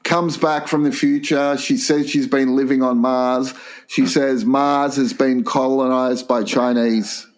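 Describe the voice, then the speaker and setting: A man's voice: medium pitch, level tone. A man co-hosting a crude comedy podcast, telling rambling stories and laughing at his own jokes. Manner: slow, rambling storytelling with laughs. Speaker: podcast co-host.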